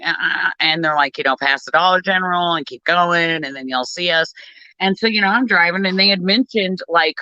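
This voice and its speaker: A woman's voice: low voice, smooth, dry recording. Woman, casual storyteller, foul-mouthed, acts out the dialogue, dull recording. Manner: animated, swearing, acts out dialogue.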